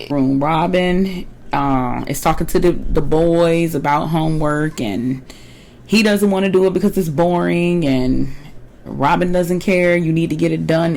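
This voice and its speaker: A woman's voice: low voice, darkish tone, poor audio. A young woman casually recapping a reality show episode, chatty and opinionated, with colloquial slang.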